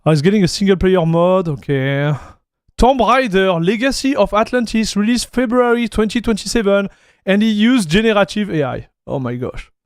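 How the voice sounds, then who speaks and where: High-voiced Frenchman chatting on stream. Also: lively intonation, moderate pace, smooth, no room sound, studio quality. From France. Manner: laid-back, says "dude" a lot, reads chat aloud. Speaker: tech streamer. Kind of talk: casual live-stream chat.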